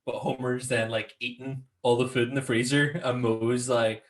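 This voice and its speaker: A Northern Irish man co-hosts a relaxed film chat. He laughs often and slips into quick put-on voices to quote scenes. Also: mid-range voice. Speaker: podcast co-host.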